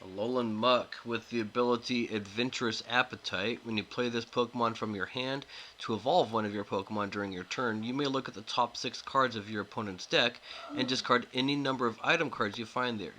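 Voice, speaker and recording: A man hosting a casual card pack opening video, reading card text aloud in a flat, steady way and chatting with the viewers. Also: medium pitch, fairly quick, slight background noise, low-quality recording. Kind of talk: casual commentary while opening card packs.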